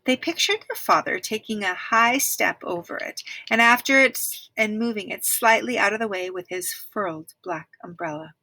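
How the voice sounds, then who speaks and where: A woman reading a children's book aloud with clear, expressive storytelling, now and then speaking to listeners. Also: mid-range voice, moderate pace, hardly any pauses, no echo, poor audio. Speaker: reader.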